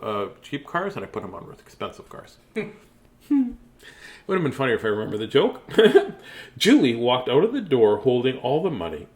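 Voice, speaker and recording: A man in his fifties reading children's books aloud, joking, singing silly rhymes and chatting between pages. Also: fairly low pitch. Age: 50s. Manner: goofy, sings silly rhymes, jokey asides. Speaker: children's book reader. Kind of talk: playful read-aloud with banter.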